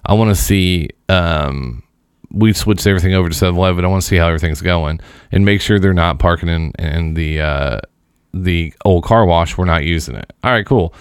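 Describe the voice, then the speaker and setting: Deep, smooth-voiced man telling stories. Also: moderate pace, no room sound, clean studio sound. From Indiana. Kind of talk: casual storytelling chat.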